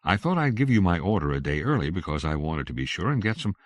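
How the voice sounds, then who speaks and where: A man's voice: low-pitched, very animated, quick pace, no room sound, studio quality. A man voicing a polite middle-aged wife who talks with strained, placating patience. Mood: patient.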